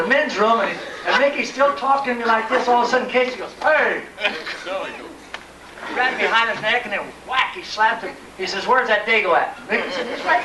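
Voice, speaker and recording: An elderly man, a retired ballplayer, telling an animated anecdote at a live event and acting out the voices in it. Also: high voice. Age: older. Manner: animated, acts out voices in his story. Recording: echoey room, distant mic, clear noise.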